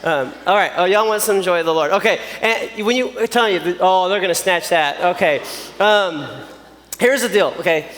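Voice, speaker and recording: Animated man preaching in a big hall. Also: sits high, normal speed. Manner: animated, joking, talks straight to the audience. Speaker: youth pastor. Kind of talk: youth sermon with props. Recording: long reverb of a large hall.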